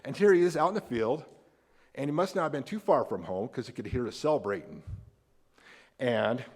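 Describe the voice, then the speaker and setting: An American man delivers a sermon from the pulpit, lively and theatrical, his voice leaping up when he acts out the characters. His mid-range voice carries through a church hall with a long, ringing reverb. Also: a little fast. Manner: animated, acts out quoted characters with big pitch jumps. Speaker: pastor. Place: church sanctuary.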